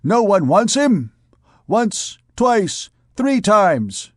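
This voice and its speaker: A man's voice: high voice, sing-song, very slow, no room sound, studio quality, pitched above the performer's own voice, heavily acted. A man voicing a boisterous, mocking male king of beggars who calls out like an auctioneer in an audiobook. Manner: showy auctioneer cries.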